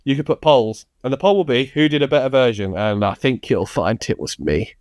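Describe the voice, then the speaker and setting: A man's voice: medium pitch, expressive, fairly quick, a little mellow, no room sound. A male podcast co-host chats casually and teases his partner. His voice sits in a middle range. The mic sound is dry and close. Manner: jokey, teasing.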